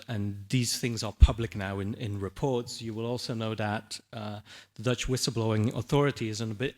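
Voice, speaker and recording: A man speaking on a conference panel in a conversational way, often restarting his sentences and checking in with the audience. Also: medium pitch. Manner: conversational, with frequent restarts and "right?" check-ins. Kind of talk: conference presentation.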